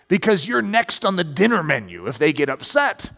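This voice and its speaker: Male pastor, sermon, higher voice, lively swinging pitch. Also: brisk, creaky, few pauses. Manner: animated preaching with sudden high emphatic swings. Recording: long hall reverb.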